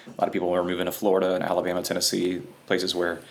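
A man's voice: low voice, monotone, rapid-fire, vocal fry, a little hiss or hum. A man who builds houses for a living, talking casually on a podcast with frequent fillers and hesitations. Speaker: podcast guest, home builder. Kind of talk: casual conversation.

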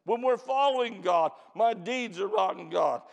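A man preaching a camp meeting sermon as pastor. He stretches and shouts key lines to the church, then drops into quick, quiet storytelling. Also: sits high, animated, gravelly, long reverb tail. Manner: preaches with loud drawn-out emphasis, calls out to the church.

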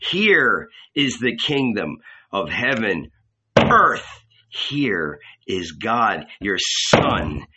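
A man's voice: medium pitch, sing-song, takes it slowly, highs cut off, heavy background noise. A man reading an audiobook, voicing a playful, mischievous male guardian angel disguised as a boy who lectures with a teasing edge.

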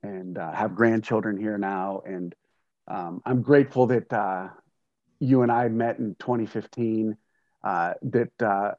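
A man, a grandfather, hosting a casual interview, speaking earnestly and haltingly with many fillers and restarts. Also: lowish voice, a little mellow, dry recording. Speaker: podcast host. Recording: dull, dry lo-fi sound.

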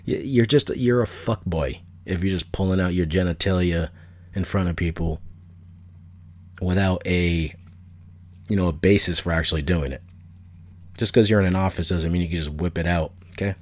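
A man's voice: low-pitched, normal speed, pauses often, a little mellow. A middle-aged man hosting a solo podcast, talking casually in a blunt, opinionated, rambling way that repeats itself. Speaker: podcast host.

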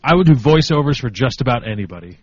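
A man in his twenties co-hosts a podcast, chatting casually in a hesitant, self-deprecating way. His mid-range voice moves fast with lively intonation, and the audio is dull, with a crowd audible behind him.

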